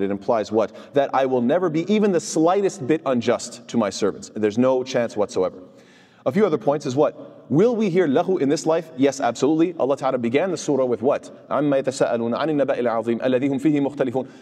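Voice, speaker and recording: A man teaches Quran commentary at a brisk clip, mixing recited Arabic verses into his English. His voice is mellow and dark. He asks rhetorical questions and answers them himself, and the sound trails off in a long, hall-like reverb. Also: medium pitch. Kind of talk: conversational religious lecture.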